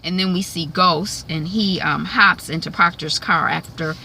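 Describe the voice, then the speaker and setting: A woman's voice: lowish voice, a little slow, bright, forceful tone, slight background noise. A woman giving a casual, chatty TV episode recap, with many fillers and put-on voices when she quotes characters. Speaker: TV recap vlogger.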